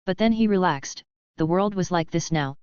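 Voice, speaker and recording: A woman with a lowish, very smooth voice reads a fantasy novel aloud in an even, measured way. The recording is dry and a little dull, with no room sound at all. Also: no echo. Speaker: audiobook narrator. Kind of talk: scripted novel narration.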